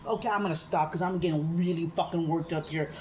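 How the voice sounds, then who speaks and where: A woman's voice: lowish voice, steady tone, background noise. A woman vlogger giving heated, profane reaction commentary, sipping a drink as she talks. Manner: profane, fast-rising ranting; drinking beer while talking.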